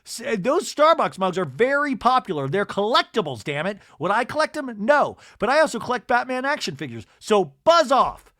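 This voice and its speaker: A man's voice: very high voice, big pitch swings, normal speed, hardly any pauses, fairly bright tone, dry recording, studio quality. A man hosting a podcast with a comic reality-TV recap, talking in a campy, indignant way. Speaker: podcast host.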